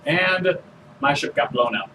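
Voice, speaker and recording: A self-absorbed movie-star adventurer, played by a man who talks in lively, swooping tones and always angles for a favor. The voice sits a little high and comes from a distance, with a faint hiss under it. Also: unhurried. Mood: scheming. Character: vain, money-hungry male movie star adventurer. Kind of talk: tabletop role-play in character. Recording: distant mic with faint noise.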